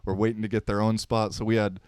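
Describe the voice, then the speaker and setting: A man's voice: lowish voice, flat delivery, quick pace, a little mellow, smooth, no echo, studio quality. A man in his thirties hosting a podcast, telling unscripted stories in a laid-back, slangy, rambling way. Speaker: podcast host. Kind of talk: unscripted casual storytelling.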